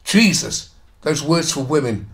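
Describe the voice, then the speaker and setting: A man's voice: medium pitch, a little slow. Angry sweary man ranting at an article. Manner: angry, sarcastic, heavy swearing; reads quoted passages, then mocks them. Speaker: commentator reacting to an article. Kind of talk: ranting commentary on a read-aloud article.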